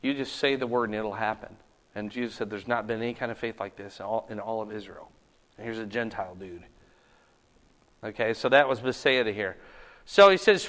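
A man's voice: fairly low pitch, brisk, a bit bright, in a large hall. A man teaching a Bible study in a conversational, sermon-like way, moving between casual asides and earnest, emphatic preaching.

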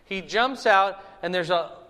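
A man's voice: sits high, a little slow, sharp tone, big-room sound. A man teaching a Bible study in a conversational way, often checking in with his listeners with "right?" and "okay?".

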